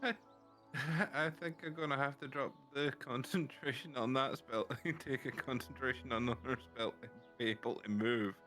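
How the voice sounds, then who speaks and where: A man's voice: mid-range voice, fairly even intonation, normal speed, fairly bright tone, faint music behind. A man playing a tabletop game on an online voice call, stop-start and hesitant, chuckling as he explains his moves. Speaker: player.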